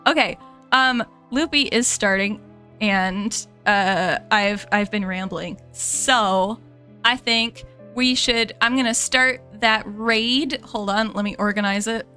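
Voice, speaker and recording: A woman's voice: mid-range voice, slow, sharp tone, soft background music. A young American woman streamer, chatting casually to her viewers, rambling and laughing and correcting herself as she goes.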